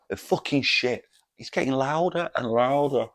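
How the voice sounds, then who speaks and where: A man's voice: mid-range voice, moderate pace. A man hosting a solo comedic podcast, telling a story in an exasperated rant full of swearing. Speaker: podcast host.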